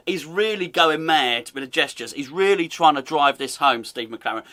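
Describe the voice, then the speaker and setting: A man's voice: on the high side, expressive, moderate pace, hardly any pauses, pushed and bright. A man hosting a casual comedic football podcast, teasing and laughing as he talks. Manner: amused, teasing, laughs often, chatty. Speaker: podcast host.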